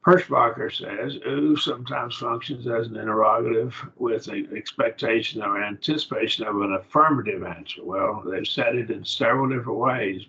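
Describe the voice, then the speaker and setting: Low-voiced man teaching Greek grammar. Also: bright, forceful tone. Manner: slow, explaining, asks the class questions. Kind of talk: online grammar class. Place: online video call. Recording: dull lo-fi call audio.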